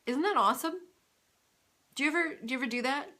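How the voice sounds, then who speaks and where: A woman's voice: high-pitched, fast, sharp tone. A woman hosting her own video podcast, chatting in a gushing, rambling way at home with frequent laughter. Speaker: podcast host. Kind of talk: casual video podcast chat. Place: indoors at home under a bright light.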